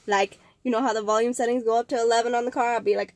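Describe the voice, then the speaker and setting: A woman's voice: fairly high pitch, fairly quick, a little mellow, dry recording, clean studio sound. A woman hosting a casual vlog, rambling in a chatty way with frequent laughs and filler words. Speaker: vlog host.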